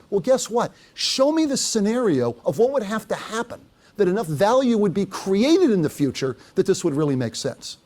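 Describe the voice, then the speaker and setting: Lively older man telling business stories. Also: sits high, moderate pace. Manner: lively storytelling, quotes others, asks audience. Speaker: speaker. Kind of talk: business talk with anecdotes.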